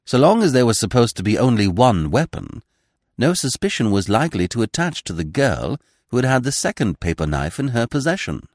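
A man's voice: medium pitch, very animated, brisk, no room sound, clean studio sound. A man giving a dramatic scripted reading of a classic mystery novel. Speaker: audiobook narrator. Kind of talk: scripted narration.

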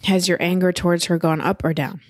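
A woman therapist guiding a session with calm, encouraging prompts. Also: fairly low pitch, fairly quick, no echo.

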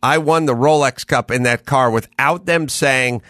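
A man's voice: medium pitch, sing-song, unhurried, a bit bright, no room sound, clean studio sound. A man hosting a podcast, chatting casually and telling profane stories with acted-out quotes. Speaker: podcast host. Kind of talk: casual chat.

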